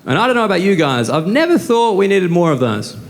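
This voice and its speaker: An Australian man in his thirties doing a stand-up set on stage, with brash, profane, deadpan storytelling into a handheld mic. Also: high-pitched, fairly quick. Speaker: stand-up comedian. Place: comedy stage before a live audience. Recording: live set with clear background noise.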